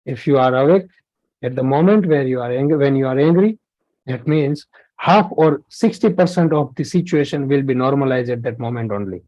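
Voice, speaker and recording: A man's voice: mid-range voice, a little fast, mellow, no echo, highs cut off. A young man with an Indian English accent giving a spiritual lecture, earnest and explanatory, with many fillers and restarts. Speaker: spiritual talk presenter.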